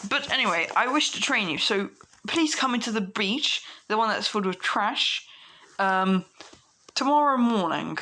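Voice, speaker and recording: Woman playing a boastful hero mentor, theatrical, booming, bright voice. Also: expressive, normal speed, poor audio. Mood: grand. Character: grand, boastful muscular male hero mentor.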